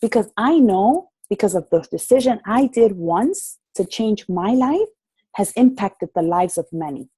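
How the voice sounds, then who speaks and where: A woman in her thirties speaks with passion to her group members over a call. Her voice is mellow and a little husky, and the sound is dry and close. She preaches with energy and acts out conversations as she talks. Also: medium pitch, expressive, a little slow, dry recording, rough recording. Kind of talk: motivational talk on a group call. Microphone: call audio.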